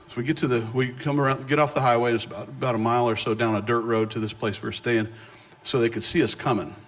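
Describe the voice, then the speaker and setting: Delivering a sermon as a guest, a middle-aged man tells a personal tale at medium pitch. He is animated and self-deprecating, with quick restarts throughout.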